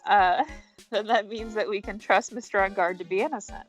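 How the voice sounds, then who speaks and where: A woman's voice: medium pitch, fairly even intonation, a little fast, soft background music, close to an everyday voice. A woman reading an earnest young male defense lawyer in her own plain voice for a let's-play fan dub.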